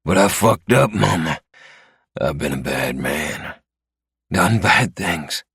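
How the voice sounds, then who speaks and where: A feverish, dying biker , put on by a male narrator cries out for his mother in a low, husky, ragged voice. His words catch wetly in his throat, and he drags them out slowly. The sound is close and dry. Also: expressive, fairly bright tone, no echo, heavily acted. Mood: delirious, pleading. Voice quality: ragged, choked. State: crying.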